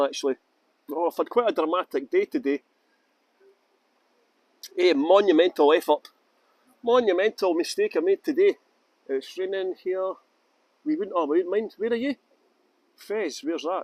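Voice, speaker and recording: A man's voice: sits high, normal speed, long pauses, darkish tone, no echo, low-quality recording. A man giving a live-streamed outdoor walking tour, chatty and jokey. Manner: chatty, jokey, breaks into song and silly voices. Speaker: tour guide. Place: outdoors by a river in the rain.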